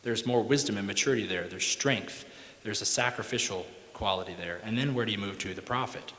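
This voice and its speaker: A man's voice: on the low side, a little fast, sharp tone, slight background noise. A man giving a conference talk on music teaching, folksy and emphatic, often checking in with "right?". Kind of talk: conference lecture with sung examples. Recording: echoey hall with long reverb.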